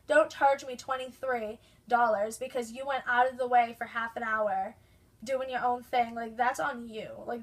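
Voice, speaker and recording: A young woman vlogger telling an exasperated story, full of "like" fillers. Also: fairly high pitch. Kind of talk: casual rant to camera.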